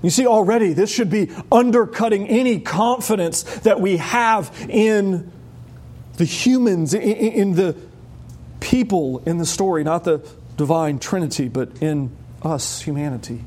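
A man with a high tenor voice preaching an expository sermon, animated and acting out voices. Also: measured pace.

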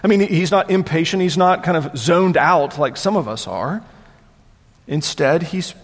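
A man preaching a sermon as pastor, conversational and animated, often repeating words as he goes. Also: on the high side, unhurried, in a large hall.

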